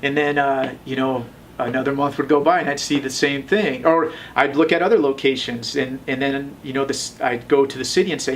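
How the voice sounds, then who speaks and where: A man's voice: mid-range voice, fairly even intonation, a little fast, hardly any pauses, recorded from a distance, slight background noise. A man in his thirties, a tattoo shop owner, tells his story in a casual interview, rambling and often restarting. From Las Vegas, USA.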